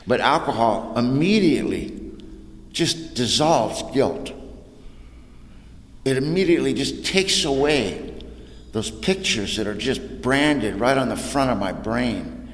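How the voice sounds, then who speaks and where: A man's voice: mid-range voice, expressive, slow pace, pauses often. A man from California telling his own recovery story at an AA meeting in a folksy, storytelling way, dropping "man" and "you know" as he goes. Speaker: AA speaker. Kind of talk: personal recovery talk. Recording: echoey hall, faint room noise.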